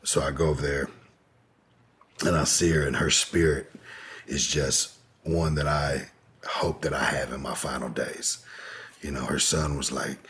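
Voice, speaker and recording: A man's voice: very deep voice, level tone, a little slow, long pauses, fairly bright tone, slight background noise. A man telling a long personal story as a podcast guest, in a laid-back, profane, rambling way. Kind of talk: casual storytelling in an interview.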